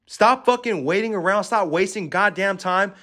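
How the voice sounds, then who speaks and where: A man's voice: high-pitched, normal speed, bright, forceful tone. A man hosting a podcast, giving an aggressive, swear-filled motivational rant at the listener. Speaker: podcast host.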